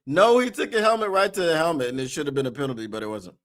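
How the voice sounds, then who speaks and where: A man hosting a live sports watch-party stream, often shouting and whooping with excitement and laughing. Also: fairly high pitch, very fast.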